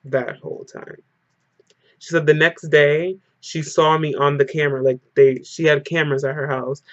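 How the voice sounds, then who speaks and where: A medium-pitched man tells an emotional story straight to camera in a casual storytime vlog, filling it with "like." It's a vlog recorded in a dull, lo-fi, dry way with no echo.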